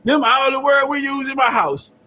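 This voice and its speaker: A man with a very high voice reacts to a clip. He talks in a loud, profane, rambling way, breaking into laughter often. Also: normal speed, a little hiss or hum. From South Carolina. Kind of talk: casual reaction commentary.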